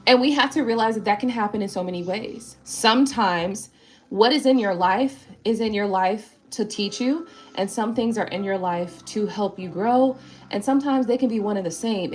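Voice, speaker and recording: On a live stream with faint music behind her, a woman tarot reader with a medium-pitched voice reads viewer comments at normal speed. Her talk is rambling and casual, full of swearing and tag questions.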